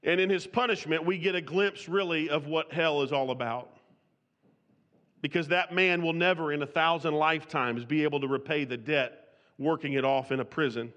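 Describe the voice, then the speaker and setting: High bright-voiced preacher in a reverberant hall. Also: male voice, fairly even intonation, normal speed, dull audio. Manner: reads scripture aloud in King James wording; restarts and repeats words while speaking freely. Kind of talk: expository sermon.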